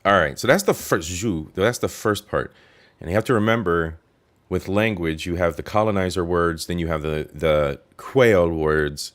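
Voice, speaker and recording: A man's voice: low-pitched, normal speed. A man hosting a show, talking playfully in a chatty, casual commentary style and repeating phrases for emphasis. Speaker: host reacting to a lesson clip.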